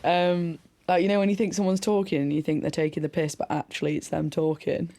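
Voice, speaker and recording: A woman's voice: lowish voice, level tone, fairly quick, dark tone, no echo. A woman with a Northern English accent co-hosting a podcast in casual, teasing chat. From Northern England. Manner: chatty, teasing, laughs a lot. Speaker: podcast co-host.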